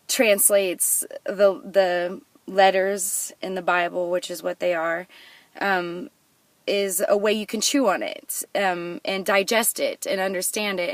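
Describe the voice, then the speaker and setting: A woman vlogger who raps her own lyrics loudly and rhythmically, then talks casually about her songwriting. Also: lowish voice, no room sound, far from the mic. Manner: loud rhythmic rapping, half-sung.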